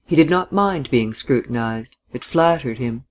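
An audiobook narrator reading literary fiction in a measured, even manner. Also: medium pitch. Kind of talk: scripted narration.

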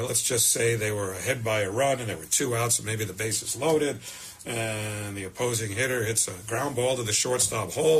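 An older man, a veteran baseball broadcaster telling stories in an interview, measured and warmly reflective. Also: medium pitch, husky. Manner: measured, animated when quoting himself.

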